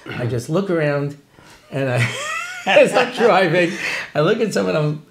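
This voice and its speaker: Over some background noise, a gravelly, fairly high-pitched man speaks at a measured pace. He's a rabbi and Torah teacher telling stories in an interview packed with jokes and laughter, staying animated, jokey, and quick to laugh in this humorous talk.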